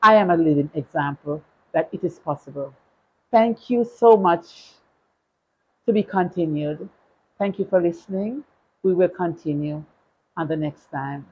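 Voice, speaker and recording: A Jamaican woman in her sixties giving an inspirational speech, slow and deliberate, building to forceful declarations. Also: lowish voice, breathy edge, muffled recording. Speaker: motivational speaker.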